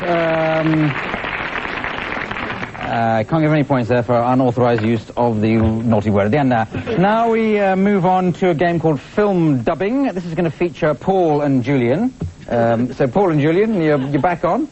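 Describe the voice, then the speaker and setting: A man's voice: fairly high pitch, lively intonation, moderate pace, darkish tone, a faint crowd. A man hosting an improv comedy show, introducing games with dry, wry quips. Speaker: host. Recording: dull TV studio recording with audience.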